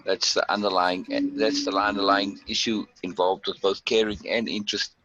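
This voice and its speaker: Deep voiced guy explaining stuff patiently, muffled lo-fi sound. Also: little pitch movement, normal speed, sharp tone, dry recording. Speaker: teacher explaining a text. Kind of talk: calm explanation. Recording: dull lo-fi line with faint noise.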